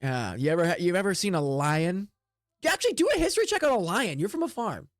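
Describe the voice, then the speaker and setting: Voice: medium pitch, sing-song, fast, no echo, clean studio sound. Casual, rambling game master. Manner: casual, filler-heavy, rambling. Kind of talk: narrating a tabletop game.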